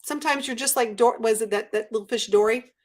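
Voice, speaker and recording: A woman guest chatting casually in an interview, telling stories with lively acted-out quotes. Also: a little high, quick pace. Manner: animated storyteller, acts out quotes. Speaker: guest YouTuber.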